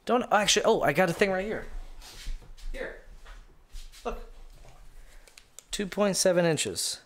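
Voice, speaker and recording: Sarcastic, animated man ranting about gaming. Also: high voice, measured pace, a little hiss or hum. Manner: sarcastic and incredulous, reads viewer comments aloud; rambling with many restarts and fillers. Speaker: gaming show host. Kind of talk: live-streamed gaming rant.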